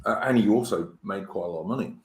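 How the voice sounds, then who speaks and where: This British man hosting a casual chat show talks quickly in a voice on the low side. The sound is reverberant with background noise, and his chatty storytelling is peppered with restarts and stammers.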